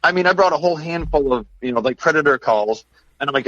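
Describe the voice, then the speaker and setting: A man's voice: fairly high pitch, animated, fairly quick, fairly bright tone, no echo. Chatty man on a dull dry mic. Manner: chatty, storytelling, upbeat. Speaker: game call maker, podcast guest. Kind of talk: casual podcast chat.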